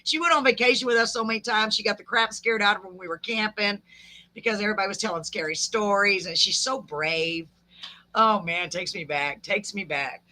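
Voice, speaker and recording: A woman's voice: medium pitch, a little fast, bright, forceful tone. A woman hosting a live podcast, chatting and laughing with a guest and tossing in folksy sayings. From Texas. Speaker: podcast host. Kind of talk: casual live chat with a guest.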